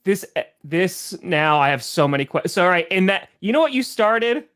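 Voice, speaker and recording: A man's voice: sits high, big pitch swings, moderate pace, fairly bright tone, smooth. A man co-hosting a casual sports podcast, laughing often and trailing off into restarts. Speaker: podcast co-host.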